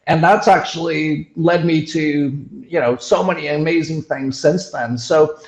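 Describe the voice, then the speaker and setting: A man's voice: a little high, steady tone, unhurried, echoey room, poor audio. A middle-aged man from Canada talking casually in an interview, rambling with many restarts and fillers. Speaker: show host.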